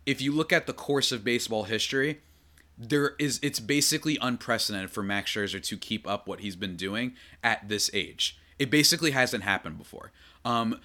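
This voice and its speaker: A man hosting his own sports podcast, rambling from one point to the next with plenty of fillers and restarts. His voice sits a little low but sounds bright and forceful. He gets excitable and keeps chatting loosely, unscripted. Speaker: podcast host. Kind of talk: solo sports podcast commentary.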